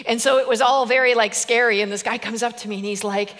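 A woman preacher giving a humorous sermon, animated and playful, laughing often. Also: a little high, fast talker, few pauses, big-room sound.

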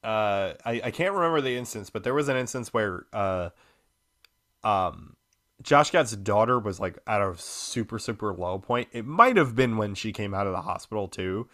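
A man with a somewhat low but bright, forward voice hosts a relaxed podcast conversation. He stumbles through his thoughts with plenty of fillers and restarts. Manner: halting, many fillers and restarts. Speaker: podcast host. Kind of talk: casual chat.

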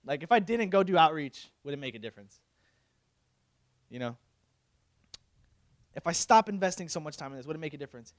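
A young male pastor preaching a casual, emotional sermon, moving from loud pleading to quiet confiding, with slang in his talk. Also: on the high side, lively intonation, brisk, pauses often, no room sound, studio quality. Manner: casual, uses slang like bro.

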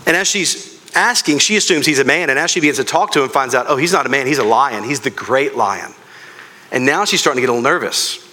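A man's voice: medium pitch, fast, bright, forceful tone. A man preaching a sermon as pastor, earnest and speaking directly to his congregation.

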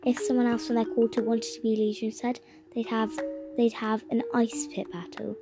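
A woman's voice: on the high side, little pitch movement. A woman reading a story aloud, stumbling and restarting now and then. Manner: halting, with frequent restarts. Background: music.

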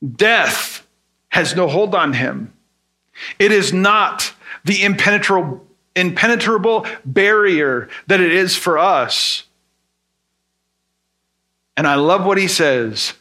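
A man's voice: high voice, animated, takes it slowly, long pauses, sharp tone. A man preaching a sermon in an earnest tone. He explains with everyday examples and asks rhetorical questions. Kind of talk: sermon teaching.

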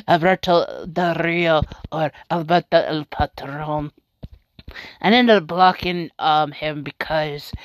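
Reading out tweets on her podcast, a woman with a lowish voice keeps laughing in amused disbelief during the casual chat. The recording is dry and the audio dull.

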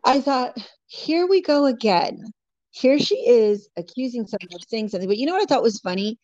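A woman's voice: on the high side, expressive, fast talker, a little mellow, no room sound. Woman from california ranting in casual chat, says "like" a lot, kinda muffled dry audio. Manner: blunt, swears freely, many "like" fillers. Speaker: guest.

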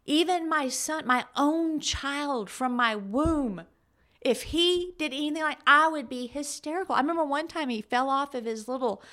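A woman's voice: high voice, normal speed, pushed and bright. A middle-aged woman co-hosting a talk show, telling stories animatedly and laughing often. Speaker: podcast co-host. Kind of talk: casual chat.

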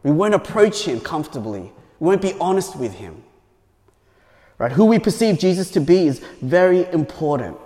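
A man's voice: a little high, big pitch swings, moderate pace, warm tone, long reverb tail. A male pastor preaching a sermon in a conversational way, often checking in with "right?". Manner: conversational, frequent "right?" tags.

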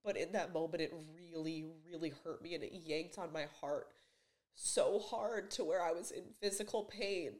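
A young woman in her twenties speaks to the camera in her bedroom for a personal vlog. Her voice sits a little low, and her emotional, halting delivery is full of fillers and restarts. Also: darkish tone. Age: 20s. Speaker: vlogger. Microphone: camera mic.

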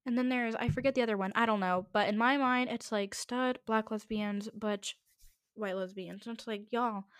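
A teenage girl hosting a solo podcast, ranting quickly and in exasperation, with many asides. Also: a little high, steady tone, clear, resonant tone, no room sound, studio quality. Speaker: podcast host.

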